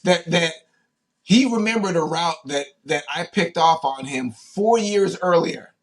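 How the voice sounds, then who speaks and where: A retired pro football player in his fifties shares animated anecdotes during a casual interview, frequently restarting and filling pauses. His voice is fairly high, and he speaks a little slowly.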